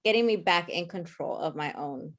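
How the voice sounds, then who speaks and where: A woman's voice: fairly low pitch, moderate pace, dull audio, slight background noise. Chatty woman sharing on a coaching call. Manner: chatty, candid, with frequent ums and laughs. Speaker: coaching participant. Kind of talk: casual sharing in a group call.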